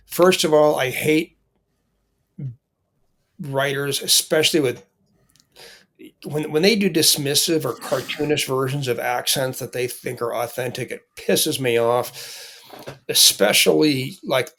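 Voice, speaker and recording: Gravelly man, candid and profane. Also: mid-range voice, unhurried, fairly bright tone. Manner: candid, profane, rambling with restarts. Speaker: author. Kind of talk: casual conversation.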